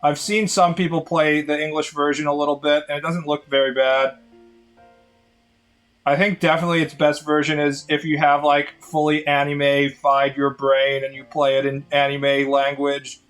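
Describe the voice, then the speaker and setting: A man's voice: a little high, flat delivery, normal speed, fairly bright tone, faint music behind. A man chatting casually on a live stream in a sardonic, rambling way.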